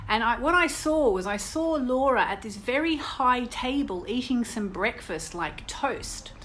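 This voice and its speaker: A woman's voice: on the high side, unhurried, slight background noise. A woman with an Australian English accent, hosting an astrology radio show in a casual, chatty way and telling stories. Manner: chatty, storytelling, laughs often, animated.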